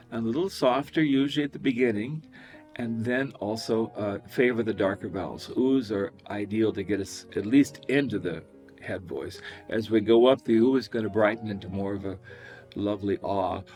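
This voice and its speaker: A man teaching a singing lesson, talking about voice registers and breaking into sung falsetto whoops to demonstrate. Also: moderate pace, faint music behind. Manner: animated, demonstrates with high falsetto whoops and laughs. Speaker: vocal coach.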